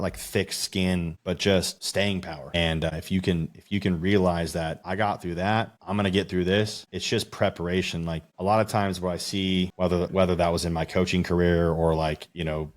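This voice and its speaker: A man with a very deep, low voice hosts a podcast interview. He talks in a loose, casual way and encourages his guest like a coach. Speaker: podcast host.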